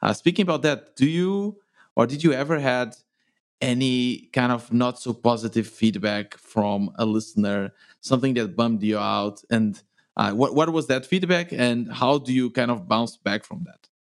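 Man, podcast host, friendly questions, mid-pitched. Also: moderate pace. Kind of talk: interviewing a guest.

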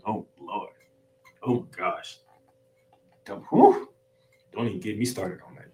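A man hosting his own sports podcast, recapping games in a solo monologue with an emphatic, excitable, casual slangy delivery and free swearing. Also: on the low side, normal speed, poor audio.

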